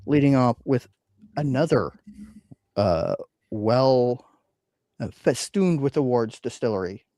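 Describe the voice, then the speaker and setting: A man's voice: medium pitch, animated, takes it slowly, dark tone, no room sound. A man hosting a casual whiskey podcast, rambling with frequent ums and uhs. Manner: rambling, hesitant with many fillers. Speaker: podcast host. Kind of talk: casual chat.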